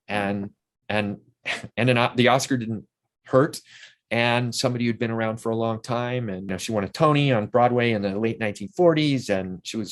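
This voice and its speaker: A man in his sixties, an interview guest and actor, telling long, rambling anecdotes full of restarts. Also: medium pitch.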